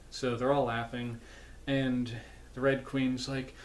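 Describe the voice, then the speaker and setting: A man's voice: medium pitch, little pitch movement, slow, slight background noise. Sleepy, rambling male vlogger. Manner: rambling, self-correcting, chatty asides. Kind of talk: casual film recap. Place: home.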